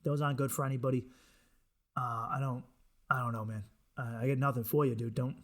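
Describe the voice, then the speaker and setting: A man's voice: medium pitch, steady tone, brisk. A man hosting a comedy podcast, rambling through a crude, profane monologue. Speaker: podcast host.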